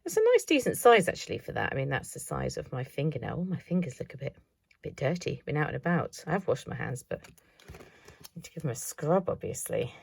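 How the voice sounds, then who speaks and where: A woman's voice: low voice, sing-song, fairly quick, gravelly, breathy edge, no echo. A woman showing her craft haul in a casual, chatty vlog, thinking aloud with self-mocking asides. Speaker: craft vlogger.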